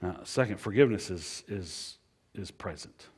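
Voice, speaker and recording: Husky-voiced man preaching with cadence. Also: low voice, expressive, moderate pace. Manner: preacher cadence, repetitive, swings from loud to hushed. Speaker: pastor. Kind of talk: sermon.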